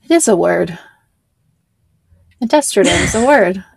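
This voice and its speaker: A woman's voice: medium pitch, lively intonation, a little slow, creaky, a little hiss or hum. A woman hosting a podcast, chatting casually in a rambling, self-deprecating way. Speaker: podcast host. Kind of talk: casual chat.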